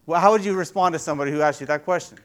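This male youth pastor speaks rapid-fire in a fairly bright, higher-than-average voice. He gives a casual, conversational church sermon, often turning questions out to his listeners.

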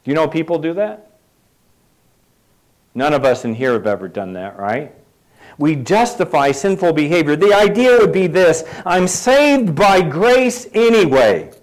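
A man's voice: fairly high pitch, lively intonation, moderate pace, long pauses, poor audio. Conversational man preaching a sermon. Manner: conversational, asks the congregation questions, light asides. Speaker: pastor.

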